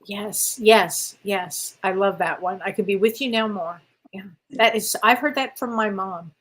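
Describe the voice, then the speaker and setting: A woman co-hosting a casual spiritual chat, eagerly telling personal stories and often answering with quick agreement. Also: medium pitch, fairly bright tone. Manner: eager storyteller, quick affirming replies. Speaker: co-host.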